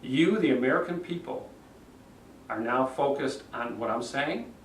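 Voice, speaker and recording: Animated male speaking coach, roomy sound. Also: medium pitch, measured pace, slight background noise. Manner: animated, demonstrates delivery himself. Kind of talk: video critique of speeches. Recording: roomy echo, mic at a distance.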